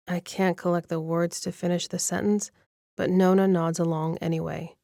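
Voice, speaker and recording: Low-voiced woman reading a romance audiobook. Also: level tone, moderate pace, mellow, no echo, clean studio sound. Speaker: audiobook narrator. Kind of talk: first-person romance audiobook narration.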